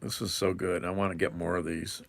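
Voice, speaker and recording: A man with a low-pitched voice and flat delivery talks a little fast on his livestream, chatting casually while eating. He rambles and chuckles while reading comments from viewers.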